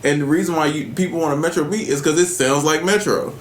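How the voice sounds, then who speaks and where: A man's voice: a little high, quick pace. A man co-hosting a podcast, talking casually and jokingly in slang, sometimes reading out listener questions. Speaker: podcast co-host. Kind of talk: casual chat. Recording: roomy with faint background noise.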